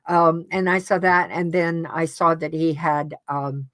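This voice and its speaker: A woman as an interview guest, recounting a personal experience in an earnest, halting way with frequent restarts. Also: low-pitched, fairly even intonation, a bit bright, dry recording. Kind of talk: casual personal storytelling.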